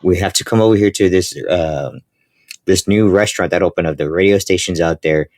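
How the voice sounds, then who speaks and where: A man's voice: deep voice, brisk, a little mellow, no echo. A man co-hosting a podcast, telling his own story in a laid-back, casual way, filling it with "like" and "dude". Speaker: podcast co-host.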